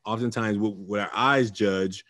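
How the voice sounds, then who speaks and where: A man hosting a podcast, talking in a reflective, casual way and letting his sentences trail off softly. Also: lowish voice, steady tone, unhurried. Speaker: podcast host. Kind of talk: casual interview chat.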